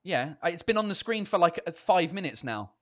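Male host with a high voice, hesitant and chatty in casual talk. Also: sing-song, fairly quick, a bit bright. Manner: hesitant, many fillers and restarts, laughing. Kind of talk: casual chat.

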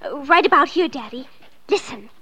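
A young girl, piping and bright; insistent, old radio play. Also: high-pitched, expressive, moderate pace. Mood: hushed. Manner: pleading, insistent. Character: young girl, earnest and frightened. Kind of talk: 1950s radio drama acting. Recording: faint hiss of an old radio broadcast.

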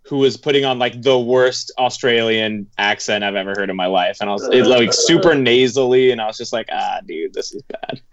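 A man's voice: medium pitch, brisk, hardly any pauses, lo-fi sound, over a noisy crowd. A young man co-hosting a podcast, laid-back and agreeable in casual chat. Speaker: podcast co-host.

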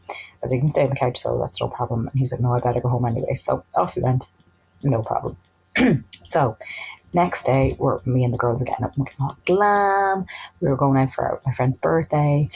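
Gravelly, husky Irish woman telling a story. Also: rumbling low, rough recording. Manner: chatty, animated, acts out quoted dialogue. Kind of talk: casual personal anecdote.

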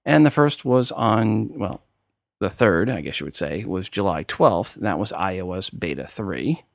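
A man's voice: on the low side, animated, unhurried, vocal fry, no echo, studio quality. A man hosting a tech podcast with a New York accent, talking casually and explaining steps one by one. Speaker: podcast host.

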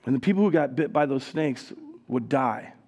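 A man preaching a sermon in a church as pastor, telling stories with animated delivery and acted-out voices. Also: mid-range voice, moderate pace, breathy edge. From Minnesota. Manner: animated storytelling, acting out voices, laughs.

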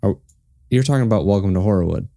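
Low-voiced man chatting about songs. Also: fast talker, vocal fry, no room sound, clean studio sound. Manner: relaxed, hesitant, repeats words. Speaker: podcast co-host. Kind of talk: casual music review chat.

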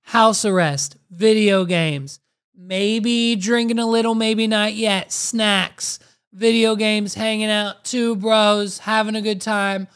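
A woman co-hosting a casual podcast at a middle pitch. She reacts to a clip with quick jokes and animated recaps. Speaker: podcast co-host.

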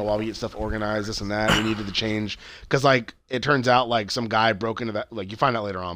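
A man's voice: on the low side, fairly bright tone, dry recording. Male co-host, loose rambling chat, heavy fillers and cursing, dry sound. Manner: rambling, swears a lot, many fillers and restarts. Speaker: podcast co-host. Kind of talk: casual chat recapping a TV show.

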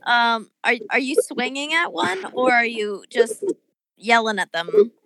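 A woman's voice: a little high, lively intonation, a little slow, a bit bright, slight background noise, low-quality recording. A woman running a tabletop game as game master, chatty and full of small hesitations.

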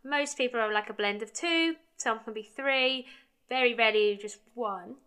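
Girl in her 20s, kinda high bright voice, chatty, says like a lot. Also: moderate pace, smooth. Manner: chatty, quotes her own dialogue, heavy use of "like". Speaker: brand founder. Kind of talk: casual storytelling monologue.

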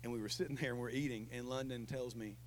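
A man in his thirties preaching a sermon, telling a family story with lively swings between loud and hushed delivery. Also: medium pitch, fast, a little hiss or hum, rough recording. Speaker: pastor.

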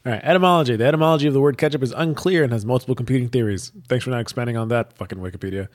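A man's voice: medium pitch, rapid-fire, no echo, studio quality. A young American man co-hosting a podcast, reading from a wiki with profane, sarcastic asides. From United States. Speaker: podcast co-host. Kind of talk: casual chat, reading from a wiki.

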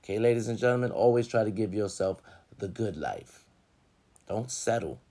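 A man's voice: expressive, normal speed. Emphatic man giving a motivational talk. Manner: preachy, emphatic, swings from low murmurs to loud urging. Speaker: motivational vlogger.

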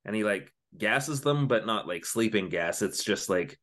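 A podcast co-host casually recaps a TV episode, rambling through the retelling with lots of fillers and asides. His fairly low voice has lively intonation and a fairly bright tone at a normal pace.

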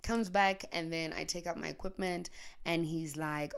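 South african girl with a low voice, chatty podcast story, laughs a lot, mixes in zulu slang, handheld mic in bed. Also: normal speed, gravelly, clear, resonant tone. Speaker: podcaster and YouTuber. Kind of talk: casual storytelling monologue. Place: bedroom, on her bed. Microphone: handheld microphone.

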